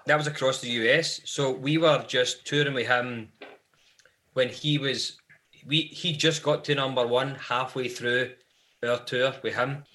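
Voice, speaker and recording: Bright-voiced Scottish man telling tales. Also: medium pitch, fairly even intonation, a little slow. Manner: rambling anecdotal storyteller. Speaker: band member guest. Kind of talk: live podcast interview.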